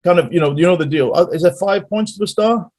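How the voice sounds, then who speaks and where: A man telling stories as a guest musician in a casual interview, animated and rambling. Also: high voice, fast.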